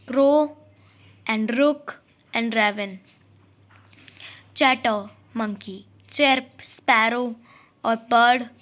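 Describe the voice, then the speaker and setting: A woman slowly reading out a vocabulary list of words and examples, pausing between each item. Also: a little high, a bit bright. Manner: reads word lists slowly with long pauses.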